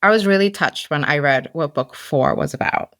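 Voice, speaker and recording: Low-voiced chatty woman host. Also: moderate pace, fairly bright tone, dry recording, clean studio sound. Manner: upbeat, chatty questions. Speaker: podcast host. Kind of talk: casual interview.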